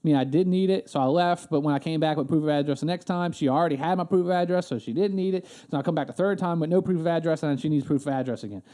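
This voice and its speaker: A man's voice: a little high, rapid-fire, hardly any pauses, dark tone. A man co-hosting a casual podcast, telling a story animatedly with plenty of swearing and acted-out quotes. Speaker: podcast co-host. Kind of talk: casual chat.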